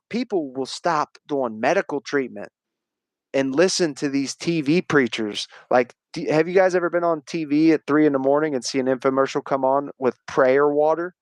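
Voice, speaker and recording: A man's voice: mid-range voice, no echo. Dry, close voice of a rambling male streamer. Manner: rambling, profane, opinionated, frequent "like". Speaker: livestream host. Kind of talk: casual livestream chat.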